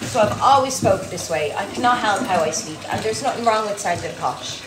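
This young Irish TikToker, whose accent blends Louth and Dublin, has a medium-pitched voice with lively intonation and a slightly fast pace. She chats to followers in a rambling, casual way, full of "like". The recording is echoey with clear background noise.

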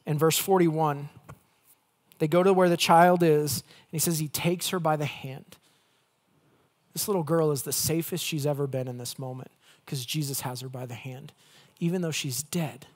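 Man preaching a lively, conversational sermon. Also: a little high, normal speed. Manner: conversational, playful asides, swings from loud to hushed. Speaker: pastor.

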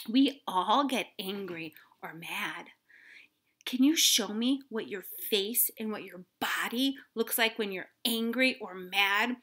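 Slow, bright-voiced preschool teacher. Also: female voice, mid-range voice. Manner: drops often to a soft whisper, then warm emphasis; patient, coaxing, asks children questions. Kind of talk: gentle lesson for young children.

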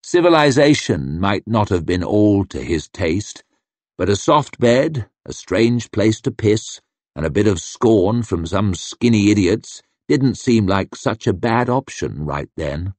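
A man reading an audiobook narration with expressive, varied delivery. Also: lowish voice, unhurried, dry recording. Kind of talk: scripted fantasy narration.

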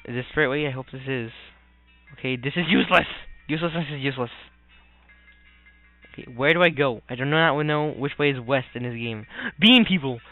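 Goofy let's player, smooth voice, tinny phone-like recording, faint game music. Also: male voice, medium pitch, brisk. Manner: goofy, rambling, mutters complaints. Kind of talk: casual gameplay commentary.

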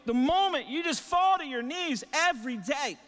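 A man's voice: very high-pitched, animated, normal speed, a bit bright, big-room sound. A male pastor preaching an impassioned sermon with emphatic repetition and rhetorical questions, his voice a little strained. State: voice strained, catching his breath. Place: church sanctuary.

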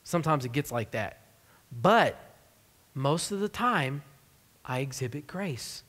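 A man's voice: fairly high pitch, animated, a little slow, fairly bright tone, long reverb tail. A man preaching a sermon as pastor of a church, in a conversational, joking style. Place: church sanctuary.

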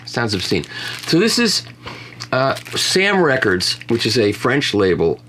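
A man's voice: medium pitch, huge pitch swings, unhurried, pushed and bright, a little hiss or hum. Chatty man talking about records. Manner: chatty storyteller who often restarts and jokes about himself. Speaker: vinyl record reviewer. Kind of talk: casual conversation about records.

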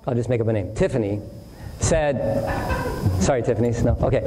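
A man preaching as a pastor, telling a long personal anecdote in an animated way and acting out each voice in it. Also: medium pitch, brisk, long pauses. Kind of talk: storytelling sermon. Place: church hall. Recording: distant hall reverb, faint noise.

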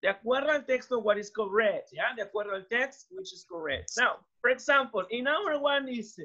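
Woman teacher, bright and a bit high, drills phrases slow, dull lo-fi audio. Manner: repeats phrases slowly for students to echo; switches between English and Spanish. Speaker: English teacher. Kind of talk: classroom drilling. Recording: dull lo-fi sound.

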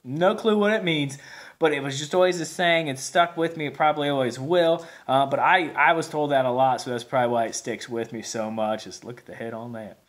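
A man talks through a beer review in a loose, folksy ramble, circling back with plenty of fillers and restarts. His voice sits slightly higher than most men's. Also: fairly quick. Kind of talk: casual video review.

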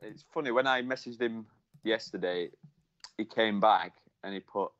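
Male co-host, excitable banter, slightly muffled lo-fi sound. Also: lowish voice, moderate pace. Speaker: podcast co-host. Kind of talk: casual chat.

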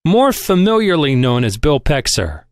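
A man voicing a polite, determined young ex-soldier in a deep, respectful voice, in an audiobook reading. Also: very animated, normal speed, no room sound, studio quality.

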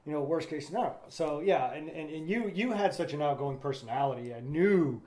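A man's voice: on the high side, animated, fairly quick, darkish tone. A man hosting a casual podcast chat, talkative and laughing as he tells stories. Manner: chatty, laughs while telling stories. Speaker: podcast host and filmmaker.

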